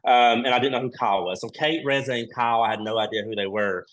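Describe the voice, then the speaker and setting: Talking fast in a medium-pitched voice, a reality show contestant on a podcast chats easily and brings his stories to life by acting out the dialogue.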